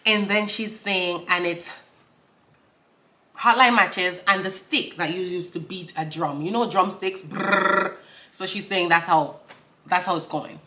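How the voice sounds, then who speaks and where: A woman's voice: fairly low pitch, fairly even intonation, pushed and bright. Lady breaking down lyrics, laughs a lot, talks right to viewers. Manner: laughs often, reads out lyrics slowly then explains them; talks straight to viewers, asks for comments. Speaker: vlogger breaking down song lyrics. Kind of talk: casual chat.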